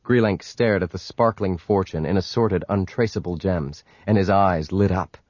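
A man narrating an audiobook with measured, dramatic storytelling. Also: low voice, darkish tone, dry recording, muffled recording. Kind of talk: scripted narration.

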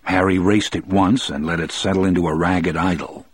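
A man reading a first-person story aloud in a measured, steady storytelling manner. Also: sits low, husky, dry recording. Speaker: narrator.

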